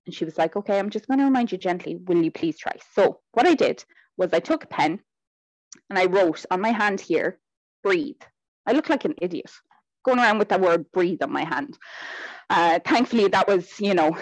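A woman, a guest in a casual interview, chatting in a lively way that drifts off on tangents. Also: lowish voice, moderate pace, no room sound, low-quality recording. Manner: chatty, goes off on tangents, animated.

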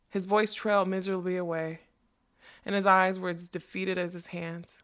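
A woman narrating a fantasy novel as an audiobook, measured and expressive. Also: on the low side.

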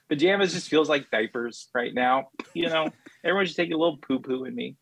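A man's voice: medium pitch, lively intonation, fast, a bit bright, breathy edge, no room sound, poor audio. A man in an improvised comedy interview, telling rambling, self-deprecating stories and putting on silly voices.

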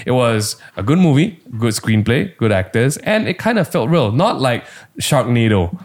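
A man's voice: mid-range voice, big pitch swings, normal speed. A man co-hosting a podcast in casual chat, rambling with lots of fillers. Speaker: podcast co-host.

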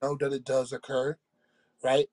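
A man co-hosting a casual podcast, talking in a measured, reflective way and often checking in with "right?". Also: medium pitch, monotone, darkish tone. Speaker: podcast co-host. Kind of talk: casual chat.

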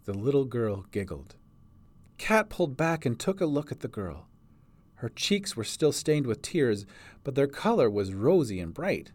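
Expressive man narrating a storybook. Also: mid-range voice, measured pace. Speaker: storyteller and producer.

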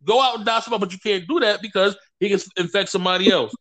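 A man's voice: high voice, racing. A man as a podcast guest, animatedly telling stories and acting out what people said. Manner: animated storyteller acting out quotes. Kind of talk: casual conversation.

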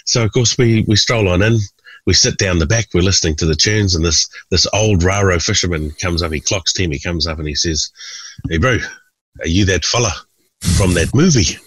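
Deep husky guy in his 40s spinning comic stories, puts on voices, dry close sound. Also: fairly quick, no echo, rough recording. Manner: animated storyteller who mimics people in raised voices. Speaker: podcast guest, comedian. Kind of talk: storytelling anecdotes.

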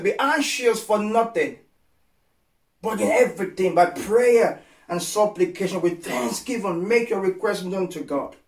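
A male preacher with a fairly high voice delivers an impassioned sermon. He repeats phrases for emphasis and moves between hushed comfort and loud pleading. The sound is roomy and echoey, picked up from some way off the mic. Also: animated, a little slow, recorded from a distance.

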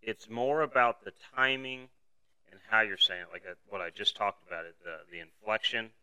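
A man's voice: lowish voice, moderate pace, bright, forceful tone, clear, resonant tone, low-quality recording. A man hosting a podcast, teaching in a conversational, explanatory way and talking to a camera. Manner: explanatory, conversational, uses everyday analogies. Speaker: podcast host teaching duck calling. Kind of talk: solo instructional podcast talk.

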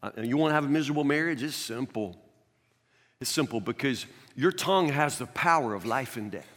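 A man preaching a sermon as a pastor in a conversational, animated way, recorded in a church sanctuary. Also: medium pitch, a little fast. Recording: long reverb of a large church hall.

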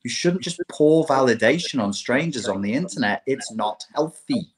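A man's voice: mid-range voice, lively intonation, moderate pace, low-quality recording. A man in casual podcast chat, giving dry, wry commentary.

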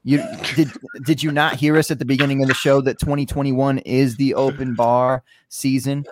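A man's voice: mid-range voice, flat delivery, moderate pace, noisy background. A man co-hosting a fantasy football podcast in casual chat, laughing often and teasing in slang. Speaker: podcast co-host.

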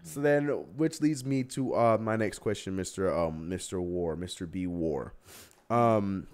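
On a casual basketball livestream, a young male host rants with heat and cracks himself up. He speaks a little slowly in a deep, slightly mellow voice.

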